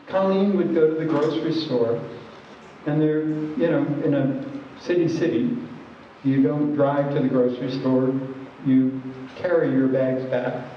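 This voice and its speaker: A man's voice: fairly high pitch, steady tone, unhurried, slight background noise. A man giving a training presentation, telling a story in a conversational, wry way. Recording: echoey hall from far off, dull lo-fi.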